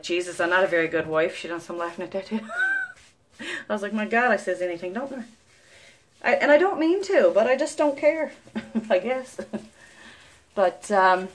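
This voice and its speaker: A young woman from Newfoundland with a thick Newfoundland accent, chatting casually to camera as a mother. She rambles through stories, swears freely and breaks into laughter often. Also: fairly high pitch. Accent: Newfoundland English. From Newfoundland, Canada. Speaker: vlogger, mother. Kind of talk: casual chatty vlog monologue.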